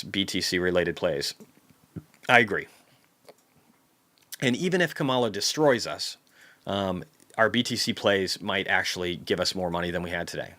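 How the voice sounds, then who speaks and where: Male stream host, bright forceful tone, lower-pitched, swears a lot, reads chat comments. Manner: profane, ranting, heated outbursts; reads viewer comments aloud. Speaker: market recap livestream host. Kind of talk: casual livestream commentary.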